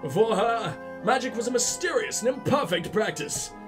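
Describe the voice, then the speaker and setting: A sick man reading game lore aloud in an old male scholar voice, slow and solemn. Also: high-pitched, lively intonation, music in the background.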